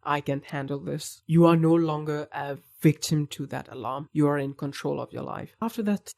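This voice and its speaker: A man's voice: fairly high pitch, creaky, a little mellow. A man coaching viewers through anxiety recovery in an earnest, reassuring self-help talk, speaking straight to the listener.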